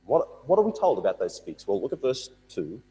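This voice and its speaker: Guy teaching bible study, bit husky, voice bouncing up and down, big echoey hall. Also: medium pitch, fairly quick. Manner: animated, repeats words, reads scripture aloud.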